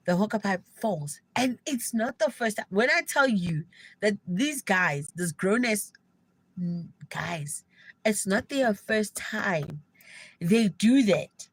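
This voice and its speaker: A young South African woman telling an animated, gossipy story to viewers of her live stream in casual slang. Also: mid-range voice, takes it slowly, a little hiss or hum, low-quality recording. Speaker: livestreamer.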